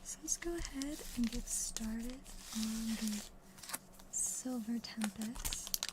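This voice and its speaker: Young woman in soft ASMR whisper. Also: a little high, slow pace, very noisy. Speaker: card-opening livestreamer.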